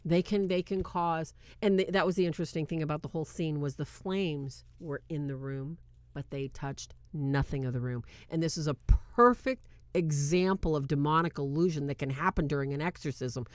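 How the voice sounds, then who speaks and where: A woman hosting a casual movie review, talking in an animated, incredulous way and often breaking into laughter. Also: low-pitched, moderate pace, no room sound. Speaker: video host.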